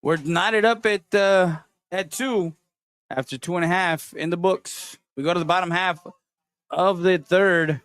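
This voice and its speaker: A man's voice: high-pitched, a little slow, fairly bright tone, smooth. A man announcing baseball play-by-play, methodically recapping the inning. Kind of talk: measured play-by-play commentary.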